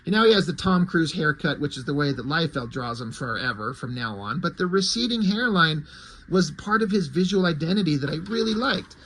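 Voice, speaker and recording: Man, comic book reviewer, casual chat, sarcastic, curses a lot, slightly high-pitched. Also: lively intonation, fairly quick, a bit bright. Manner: sarcastic, swears freely.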